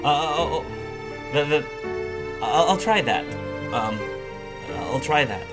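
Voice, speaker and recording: A man's voice: animated, over loud music. A man doing a stuttering timid young guy. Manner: stuttering, halting, rises high when flustered. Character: young male student with a heavy stutter, timid.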